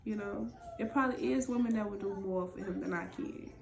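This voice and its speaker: A woman's voice: mid-range voice, a little fast, creaky, roomy sound, noisy background. A woman candidly telling her own story in a raw, emotional, profane way, as a vlog co-host.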